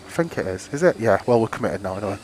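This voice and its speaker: A man's voice: lowish voice, lively intonation, racing, background noise. A man giving rambling, sweary commentary while riding a motorbike outdoors, picked up on a helmet or bike-mounted mic. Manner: rambling, sweary, self-mocking. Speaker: motorcycle vlogger.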